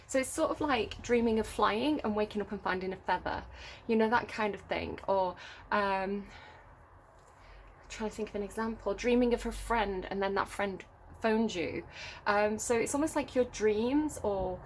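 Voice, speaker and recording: A woman's voice: mid-range voice, normal speed, slight background noise. A woman reading tarot cards to camera at home, musing and thinking aloud with many fillers. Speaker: tarot reader. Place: home room near a road.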